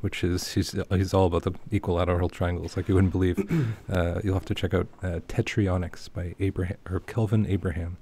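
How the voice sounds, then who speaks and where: A man co-hosts a podcast and recommends a past guest in a hesitant, filler-laden way. His voice is low and flat, with little rise and fall. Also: brisk, a little hiss or hum. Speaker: podcast co-host. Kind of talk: casual podcast conversation.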